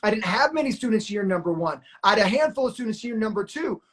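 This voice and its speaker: A man's voice: high voice, lively intonation, fast. Pumped-up male live-stream coach. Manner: pumped-up, hype-man, shouts "let's go". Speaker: notary training coach and live-stream host. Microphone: phone or webcam on a video live stream.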